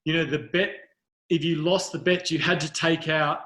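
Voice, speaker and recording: A man's voice: a little high, fairly even intonation, moderate pace, a bit bright. A middle-aged Australian man, a podcast guest, telling his story in a rambling, self-mocking way, restarting his sentences often. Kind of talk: casual storytelling in conversation.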